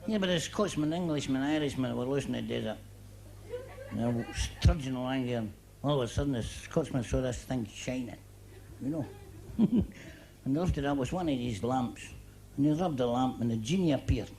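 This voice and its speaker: A Scottish comedian performing live stand-up, talking to the crowd in a chatty joke-telling patter full of "you know" and "eh?". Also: male voice, mid-range voice, moderate pace, creaky, dark tone. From Scotland. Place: comedy club stage before a live audience. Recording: noisy live club recording with audience laughter.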